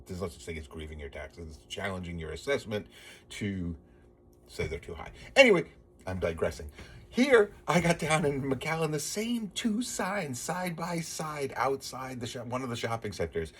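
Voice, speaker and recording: Husky-voiced man ranting casually. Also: mid-range voice, big pitch swings, moderate pace, a bit bright. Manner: digressive, opinionated, restarts a lot. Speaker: vlogger. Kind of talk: casual rambling monologue.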